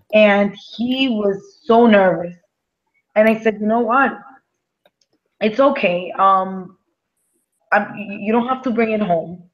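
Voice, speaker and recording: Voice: medium pitch, fairly bright tone, highs cut off. A teacher of young children sharing a classroom story in a hesitant way, with many fillers. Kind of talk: classroom discussion.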